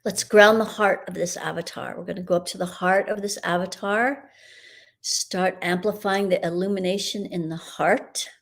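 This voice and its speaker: A middle-aged woman hosting a live broadcast and leading a guided energy clearing in a meandering, soothing, spiritual way. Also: fairly low pitch, fairly even intonation, moderate pace. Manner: meandering, spiritual, soothing, with soft laughs and fillers.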